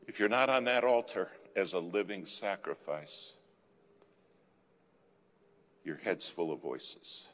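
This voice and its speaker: A man giving a sermon as a guest speaker, telling a dramatic story, swinging from loud urging to a hushed whisper. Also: sits low, lively intonation, slow pace, pauses often, a little hiss or hum. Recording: long hall reverb with faint music.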